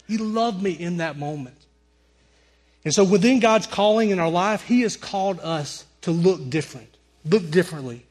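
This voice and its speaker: A middle-aged man preaching a sermon, telling personal stories and softly quoting the people in them. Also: high-pitched. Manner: storytelling preacher, quotes people in softer voices. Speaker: pastor.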